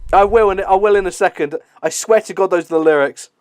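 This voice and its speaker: A man's voice: sits high, fast, clear, resonant tone, no room sound. A young man giving a casual movie commentary, chatty and swearing, with lots of fillers and laughs.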